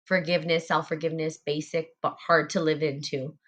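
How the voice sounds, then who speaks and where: A woman's voice: sits low, little pitch movement, brisk. A woman hosting a spiritual group talk, speaking earnestly about self-love, repeating phrases and using fillers. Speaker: podcast host.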